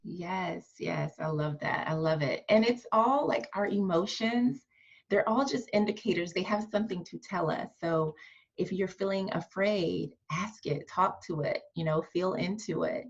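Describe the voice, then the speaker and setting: A woman's voice: fairly low pitch, unhurried, creaky, muffled recording. A woman guest on a podcast who talks in an earnest, encouraging, coaching way. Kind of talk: casual conversational interview.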